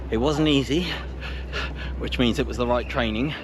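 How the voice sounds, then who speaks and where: A man's voice: mid-range voice, normal speed, background noise. Breathless man on a run. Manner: upbeat, self-mocking, chatty. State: out of breath, sweating. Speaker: running vlogger. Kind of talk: casual chat while training. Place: outdoors on urban roads.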